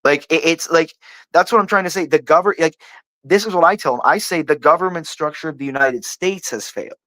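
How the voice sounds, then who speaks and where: A man holds forth in a heated, rambling rant, swearing freely and leaning on "like" and "dude" between stammered restarts. His voice sits a little high for a man, and it is recorded bone-dry up close with no room sound at all. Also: brisk, pushed and bright, dry recording. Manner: profane, rambling, heavy use of "like" and "dude"; restarts and stammers when worked up. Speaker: panel host. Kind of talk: heated casual political rant.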